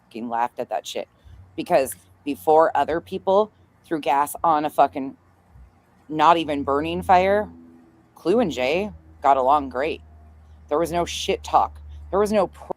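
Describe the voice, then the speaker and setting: A woman's voice: low-pitched, a little slow. A woman creator ranting on a livestream, profane, sarcastic and combative. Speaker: online creator. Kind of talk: heated livestream rant.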